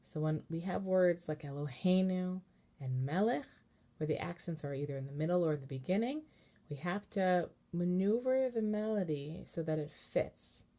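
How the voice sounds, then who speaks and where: A woman cantor giving a relaxed, patient lesson on chanting, explaining step by step and singing short chanted examples. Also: fairly low pitch, moderate pace. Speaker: cantor teaching Torah chanting. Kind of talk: informal online lesson with sung examples.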